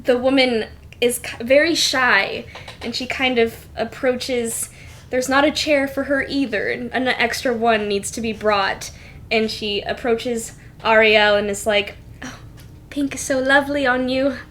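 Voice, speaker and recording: A young woman narrating a tabletop game as game master in a relaxed, filler-heavy way. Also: fairly high pitch, a little slow, a little hiss or hum.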